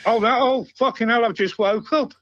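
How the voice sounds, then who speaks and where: A man's voice: very high voice, moderate pace, a bit bright, dry recording. A man calling into a football phone-in, blunt and swearing constantly. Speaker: caller. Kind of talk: casual phone-in call. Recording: dull muffled phone audio.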